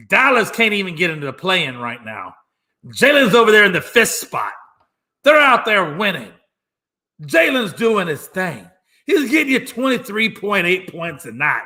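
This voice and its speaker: A man's voice: high voice, sharp tone. A man hosting his own sports talk show alone, ranting emphatically and mockingly, repeating lines for effect. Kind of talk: solo sports talk rant.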